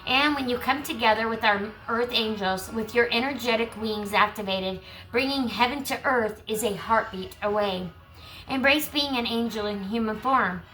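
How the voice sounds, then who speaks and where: A woman giving a collective tarot reading who reads card texts aloud and breaks into chatty asides. She is losing her voice and keeps clearing her throat. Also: fairly high pitch, bright, forceful tone, rough recording. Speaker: tarot reader.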